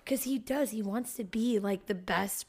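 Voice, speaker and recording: A woman in her thirties chats with her partner in casual podcast talk. She is animated and swears freely, laughing often and slipping into acted-out quotes. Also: medium pitch, moderate pace, slightly rough. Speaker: podcast co-host. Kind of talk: casual chat.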